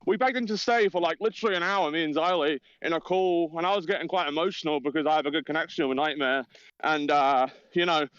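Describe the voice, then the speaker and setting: A man's voice: fairly high pitch, quick pace, a bit bright, smooth, no echo, highs cut off. A man co-hosting a live stream, chatting casually and in a laid-back way while walking outdoors. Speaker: livestream co-host. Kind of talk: casual livestream chat. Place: outdoors in an alleyway.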